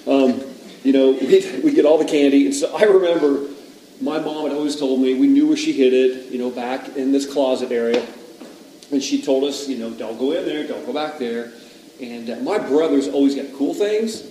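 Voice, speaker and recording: A man who is a father, telling a childhood story in a casual, animated way on a podcast, often laughing. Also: medium pitch, moderate pace. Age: adult father. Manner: animated, laughing, rises to loud retellings. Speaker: podcast speaker. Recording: roomy, distant mic with faint background noise.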